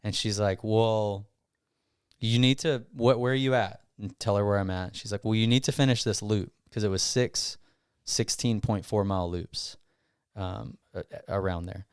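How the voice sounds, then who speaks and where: Smooth low-voiced man telling a story. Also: moderate pace, no room sound, clean studio sound. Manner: rambling, animated retelling with self-quotes. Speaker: gym owner guest. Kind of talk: casual podcast storytelling.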